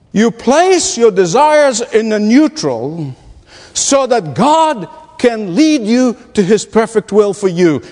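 A man preaching a sermon, emphatic and dramatic, slowing down to stress his points. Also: very high voice, darkish tone. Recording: long hall reverb.

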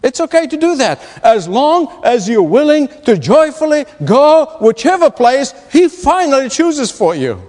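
A man preaching a sermon, emphatic and dramatic, slowing down to stress his points. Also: very high-pitched, very animated, a little mellow. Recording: long hall reverb.

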